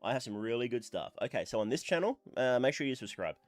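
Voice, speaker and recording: A man's voice: medium pitch, big pitch swings, fast talker, no room sound, soft background music. A man talking casually on his livestream, rambling with lots of fillers, a bit stuffy from blowing his nose. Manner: rambling, chatty, with many fillers. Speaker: streamer.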